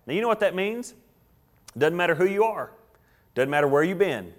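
Man preaching with a higher voice. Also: lively intonation, normal speed. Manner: preaching with rhetorical questions and repeated phrases. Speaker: pastor. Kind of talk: sermon.

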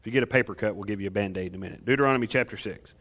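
A pastor, preaching a lively sermon full of rhetorical questions and light humor. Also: male voice, fairly low pitch, racing, husky.

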